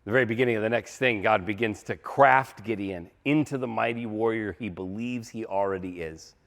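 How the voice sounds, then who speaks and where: A man's voice: on the low side, a little fast, creaky, fairly bright tone. A male pastor preaching a sermon in a conversational, emphatic style, repeating key phrases for effect.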